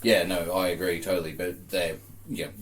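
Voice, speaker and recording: A man's voice: sits low, level tone, normal speed, recorded from a distance. A man in a casual drinking podcast chat, laid-back and swearing often. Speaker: podcast co-host.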